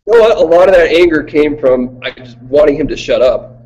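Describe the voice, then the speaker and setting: A man guest in a casual interview, animated and laughing, swearing freely as he tells stories. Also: fairly high pitch, a little fast, highs cut off. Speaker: reality show contestant guest.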